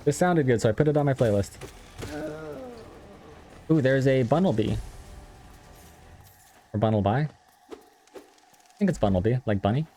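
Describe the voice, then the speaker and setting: A man's voice: mid-range voice, moderate pace, long pauses, warm tone. A young man from Texas, a game streamer, chatting casually and self-deprecatingly with viewers as he plays. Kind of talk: casual live-stream chat while gaming. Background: faint game music.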